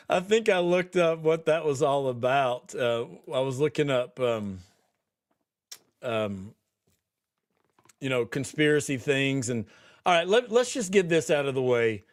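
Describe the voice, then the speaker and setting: Speaking slowly with long pauses, this podcast host has a mid-range voice and lively intonation. During a casual livestream he reads viewer comments aloud, rambles, laughs frequently and restarts his sentences.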